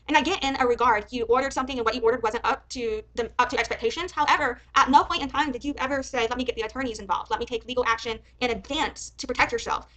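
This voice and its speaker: A woman's voice: on the high side, a bit bright, poor audio. A woman streamer giving heated reaction commentary, often swearing and ranting angrily. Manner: heated, swearing, angry rants.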